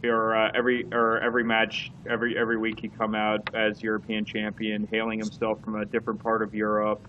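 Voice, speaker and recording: A man's voice: fairly low pitch, monotone, fairly quick, slight background noise. Rambling man with muffled stream audio. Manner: rambling, many fillers and restarts. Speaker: podcast co-host. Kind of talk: casual wrestling chat.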